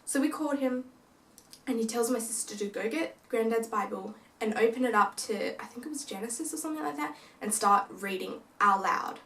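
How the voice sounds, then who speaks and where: Recorded from a distance in an echoey room, a young woman vlogger recounts a paranormal experience in casual storytelling. Her voice is on the high side and brisk, and she animatedly performs the quoted lines from her family.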